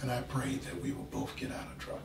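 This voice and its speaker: A man, a pastor, telling a comic story at a live poetry event, halting and animated. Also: fairly low pitch, vocal fry, recorded from a distance, slight background noise. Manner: halting, animated, slips into character voices. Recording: roomy live venue from afar.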